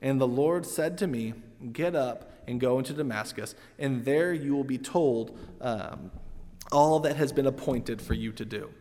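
A man of middle pitch preaching a relaxed, explanatory sermon. He talks through the text like a teacher, pausing on fillers. His voice carries a long, lingering reverb. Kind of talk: expository sermon.

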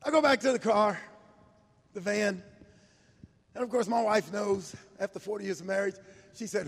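A man in his sixties preaching a sermon, telling a personal story in a folksy, animated way. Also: very high voice, moderate pace, long pauses. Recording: echoey hall reverb.

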